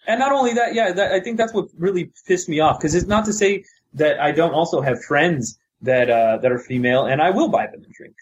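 A man with a fairly high, husky voice rambles through a casual podcast story, cursing freely and stumbling over fillers. The audio is dull and lo-fi, as if recorded on modest podcast gear. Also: fairly quick. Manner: profane, rambling with many fillers. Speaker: podcast co-host.

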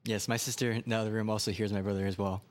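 A man's voice: lowish voice, level tone, racing. A man co-hosting a podcast, telling a childhood story in casual chat. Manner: storytelling with acted quotes. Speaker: podcast co-host.

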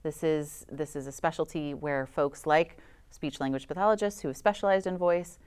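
A woman's voice: deep voice, normal speed, darkish tone, clean tone. A woman who works as a voice specialist, giving enthusiastic explanations as a guest in an interview.

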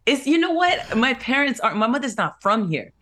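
A woman's voice: high voice, big pitch swings, moderate pace, sharp tone. A woman co-hosting a radio show, talking in a sassy, blunt, laughing way. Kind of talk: casual radio banter.

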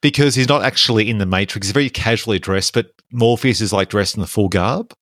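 A man's voice: on the low side, fast, a bit bright, no room sound, clean studio sound. A man co-hosting a podcast, talking about movies at length in an enthusiastic, analytical way. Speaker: podcast co-host. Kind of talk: casual film discussion.

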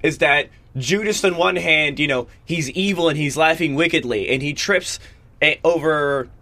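A young man talks eagerly through a long explanation, rambling and circling back as he goes. His voice sits a little high for a man. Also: moderate pace, sharp tone. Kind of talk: casual discussion.

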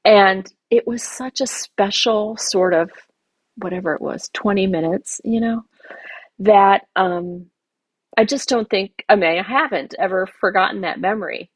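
Husky-voiced woman telling a personal story. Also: mid-range voice, unhurried, no room sound. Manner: emotional, rambling with many asides. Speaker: podcast guest, garden designer.

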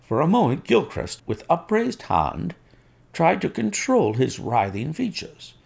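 A man narrating a classic story in an expressive, unhurried way. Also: a little high, gravelly, breathy edge. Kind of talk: storybook reading.

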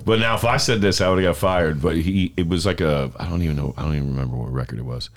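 A man hosting a casual podcast, relaxed and encouraging toward his guest. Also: rumbling low, fast. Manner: relaxed, affirming interviewer. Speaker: podcast host and DJ.

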